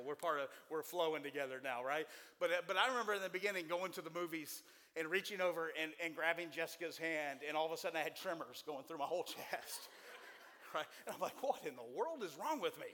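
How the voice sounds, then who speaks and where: A man in his forties preaching a sermon to a church congregation, folksy and joking, with animated delivery. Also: a little high, big-room sound. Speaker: pastor.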